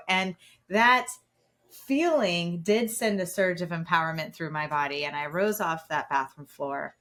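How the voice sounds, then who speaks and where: Female guest, 40s, lower voice, animated storyteller, lots of "like" and "right.". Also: normal speed. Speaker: guest, keynote speaker. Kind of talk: personal storytelling in interview.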